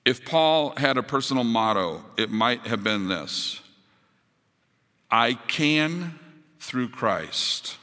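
A man preaching a sermon as pastor, building to emphatic high points and dropping to soft, quiet appeals. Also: lively intonation, takes it slowly, in a large hall. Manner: rises to emphatic peaks, drops to soft closing appeals.

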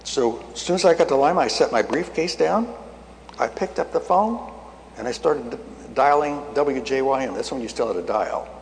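An older man preaches in a folksy, storytelling way, acting out conversations and building to emphatic peaks. His voice sits at a middle pitch. A long reverb trails behind him in a large hall, with faint ambient noise underneath. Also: lively intonation, normal speed, gravelly. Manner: folksy, acts out dialogue, rising to emphatic peaks. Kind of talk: sermon storytelling.

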